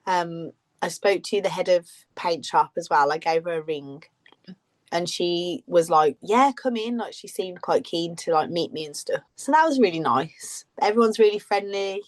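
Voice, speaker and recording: A woman with a fairly low voice co-hosts a relaxed podcast chat. She rambles through her stories and laughs often as she talks. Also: moderate pace. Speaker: podcast co-host. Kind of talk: casual chat.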